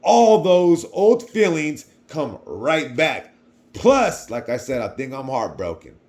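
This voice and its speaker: A man's voice: on the high side, very animated, slow. A young man telling a personal story to camera in a casual, rambling way, often repeating himself. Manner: rambling, repeats words, swings between quiet and loud. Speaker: vlogger.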